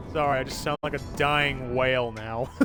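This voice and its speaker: A man streaming a video game live, talking to his chat in an excitable way and swearing often. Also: medium pitch. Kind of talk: live-streamed gameplay commentary.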